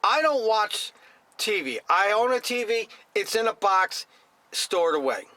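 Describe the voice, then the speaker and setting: Middle aged jersey guy ranting at the camera, scornful and blunt, high bright voice. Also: big pitch swings, measured pace, no echo. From New Jersey. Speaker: vlogger.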